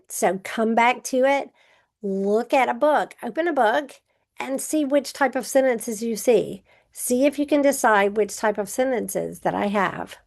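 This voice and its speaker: A woman's voice: a little high, creaky, darkish tone. A woman teaching a recorded grammar review, patiently explaining step by step with example sentences.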